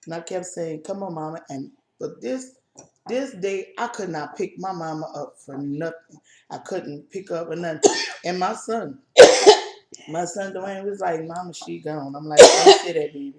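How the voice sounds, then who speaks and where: A woman co-hosting a casual chat video, telling a personal family story in a halting, emotional way with many restarts. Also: lowish voice, darkish tone, roomy sound, slight background noise. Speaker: co-host.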